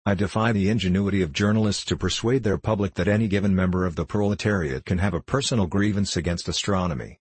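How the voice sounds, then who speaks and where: A man reads aloud as a scheming, contemptuous foreign diplomat for an audiobook, sneering and mocking in a deep, guttural, husky voice. The character sounds sly and condescending. He talks fast with hardly any pauses, and the recording is dry and close.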